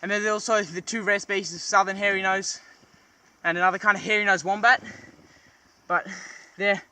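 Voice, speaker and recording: Young male wildlife vlogger, high bright voice, breathless and strained, outdoors at night, camera worn at the neck. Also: steady tone, normal speed. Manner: strained, breathless from holding a struggling animal. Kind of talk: excited on-the-spot wildlife explaining. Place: outdoors at night near a beach. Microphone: camera hung around his neck.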